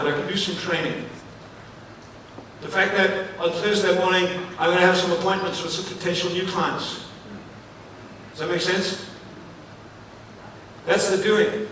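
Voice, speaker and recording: A man from Africa giving an energetic live keynote speech on stage, repeating phrases and putting questions to the audience. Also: high voice, moderate pace, long pauses, slight background noise. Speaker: motivational speaker. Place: large event venue, on stage. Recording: echoey hall, mic at a distance, faint ambience.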